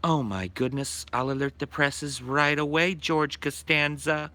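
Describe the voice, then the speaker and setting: A man's voice: on the high side, fairly even intonation, measured pace, sharp tone, pitched above the performer's own voice. A man putting on a raised voice to play a prim, officious woman who answers a phone call with exaggerated politeness.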